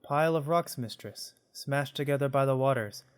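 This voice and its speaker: A man's voice: mid-range voice, moderate pace, clean tone, lightly acted. Six, a man voicing a formal robot servant. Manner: courtly, addresses listener as mistress, half-attempted accent. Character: polite formal robot servant, male-voiced. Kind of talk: reading game dialogue aloud.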